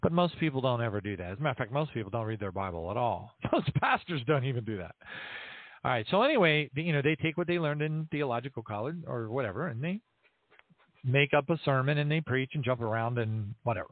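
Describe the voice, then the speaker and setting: A man's voice: mid-range voice, lively intonation, fast, no echo. A man hosting a Christian show, casually teaching from the Bible and telling stories where he acts out both sides of a conversation. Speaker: Christian radio show host. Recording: tinny phone-line sound, dry.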